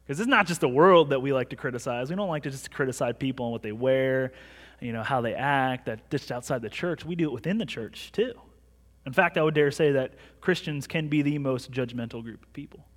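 A man's voice: medium pitch, brisk. A man in his thirties preaching a sermon in a church, in a conversational storytelling way with self-mocking humor. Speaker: pastor. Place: large church sanctuary. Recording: long hall reverb.

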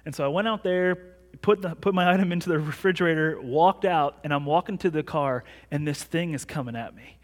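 With a voice a little high and a little fast, a thirtysomething pastor preaches in a large church sanctuary. He tells his sermon as a casual story, joking at his own expense, while a long hall reverb trails his words.

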